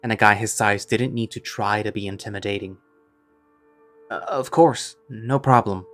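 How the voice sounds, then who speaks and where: A man with a fairly low voice narrates a first-person story in a wry, conversational manner. Faint music plays softly behind him.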